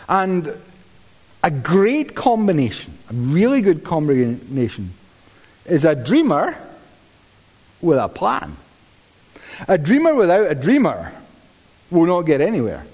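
A man preaching a sermon in a chatty way, often repeating himself and making dry jokes. His voice is a touch high and very animated. The sound rings out in a church hall with long reverb. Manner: lively, conversational, repeats words, dry humour.

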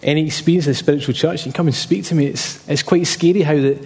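A man's voice: on the high side, steady tone, fast, darkish tone, long reverb tail. A man preaching a sermon emphatically, repeating key phrases and telling personal stories.

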